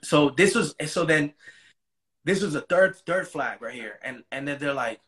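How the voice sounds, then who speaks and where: Man, interview guest, casual storytelling, swears a lot, sharp bright voice. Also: a little high, normal speed. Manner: profane, animated retelling with slangy asides.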